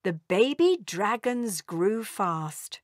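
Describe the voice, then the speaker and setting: Slow, lilting woman reading a storybook. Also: medium pitch, no echo, studio quality. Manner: slow, expressive read-aloud. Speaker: storybook narrator.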